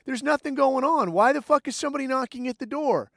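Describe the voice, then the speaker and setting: Man, podcast host, profane rant, high voice, dry close sound. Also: fast, vocal fry, fairly bright tone, no echo. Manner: heavy swearing, blunt and combative. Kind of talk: profane ranting monologue.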